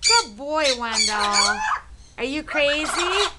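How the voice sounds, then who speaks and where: A woman coos sing-song baby talk to her parrots, her voice high and leaping all over the place. She speaks very slowly and coaxingly. Loud background noise and bird squawks fill the recording. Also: sing-song. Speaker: pet owner. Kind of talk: playful baby talk to pet birds.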